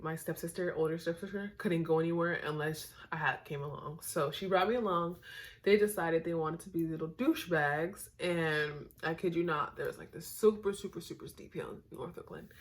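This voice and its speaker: A woman's voice: lowish voice, fairly quick. A young woman from Northern California, chatting casually to her camera, rambling with lots of fillers and a tired, goofy manner. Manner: goofy and tired late at night. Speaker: vlogger.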